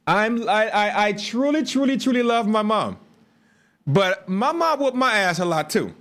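A man's voice: sits high, measured pace. A man, telling stories casually on a livestream with laughs and asides. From Chicago. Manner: animated storytelling with laughs and asides. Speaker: livestream host.

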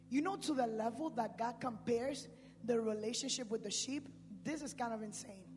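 A male pastor preaching a sermon in street slang, swinging between shouts and hushed speech. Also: very high voice, moderate pace. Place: church sanctuary. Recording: reverberant hall with music.

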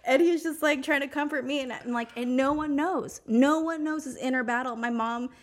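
A woman's voice: high-pitched, moderate pace. A woman from New Mexico, a podcast guest, telling a personal story in casual, emotional, rambling talk full of fillers.

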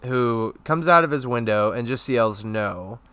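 A man's voice: medium pitch, moderate pace, sharp tone, smooth, no room sound. A man on a podcast chatting and joking while recapping a cartoon episode. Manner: chatty, amused. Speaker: podcast co-host.

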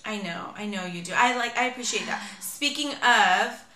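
A woman in her thirties co-hosts a podcast in relaxed chat, poking at her friend with dry, teasing questions. She speaks at a middle pitch with a bright, clear tone. The room is echoey. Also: moderate pace. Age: 30s. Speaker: podcast co-host. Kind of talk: casual chat.

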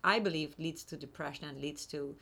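Woman host, low-ish voice, earnest and encouraging, stumbles a bit. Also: brisk, creaky, a bit bright, husky. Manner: earnest, encouraging, restarts words. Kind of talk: supportive interview talk.

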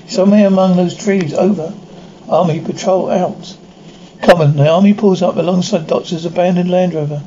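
This male audio describer has a high, warm voice and reads briskly with fairly even intonation, narrating a described episode and voicing all parts plainly. He often slips and restarts. The home-style lo-fi recording is dull and carries faint noise.

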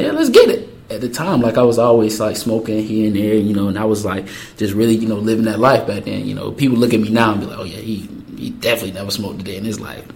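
A young man casually telling a personal story, acting out the quoted lines in lively voices. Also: lowish voice. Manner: animated, acts out quotes with voices.

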